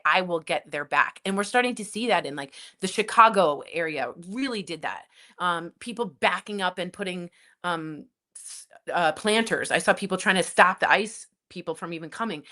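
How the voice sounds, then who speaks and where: A woman's voice: fairly low pitch, sharp tone. A woman co-hosting a news and comedy podcast, giving emphatic, impassioned opinions in casual chat. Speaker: podcast co-host.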